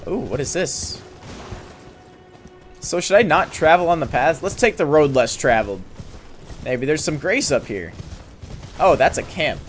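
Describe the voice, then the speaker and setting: A young man talking through a game as he plays, excitable and chatty, often yelping in surprise and talking to the characters on screen. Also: a little slow, pauses often. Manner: excitable, talks to the game, jumps to high yelps. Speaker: streamer playing a game. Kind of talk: let's play commentary. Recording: game music in the background.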